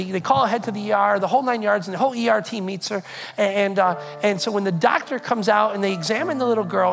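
An earnest pastor delivers a sermon as a story, often doubling back on words as the thought builds. The voice sits in a middle pitch. Music plays clearly underneath. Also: rough recording.

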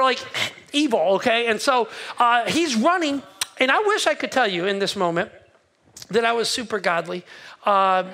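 A middle-aged man, a pastor, preaching a sermon and telling a story, acting out the voices he quotes with lively exclamations. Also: high voice, a little hiss or hum.

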